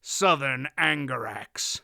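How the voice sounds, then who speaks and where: A man's voice: mid-range voice, animated, slow, vocal fry, no echo, studio quality, full character voice. Audiobook: a man voicing a shrewd old man posing as a doddering, wheezy fool. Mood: guarded. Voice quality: wheezy, cracking cackle. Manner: quiet and terse, then doddering. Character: old male storyteller feigning feeble senility.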